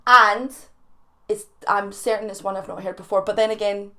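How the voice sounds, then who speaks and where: A woman's voice: medium pitch, steady tone, normal speed, bright, forceful tone. Playful Scottish woman vlogging to camera. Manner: playful, laughs often, teasing asides. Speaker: YouTube reaction host. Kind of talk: chatty vlog to camera.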